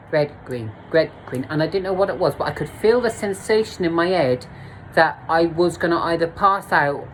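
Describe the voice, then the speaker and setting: Woman vlogger, low-ish voice, blunt and sweary, laughing at herself, faint hum behind. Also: low-quality recording. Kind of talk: candid storytime monologue.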